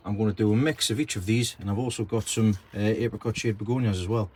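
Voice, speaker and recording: A man's voice: on the low side, fast talker, darkish tone, slight background noise. A man vlogging casually about gardening and plants in his garden, chatty and self-deprecating. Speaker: allotment vlogger. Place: garden and allotment outdoors.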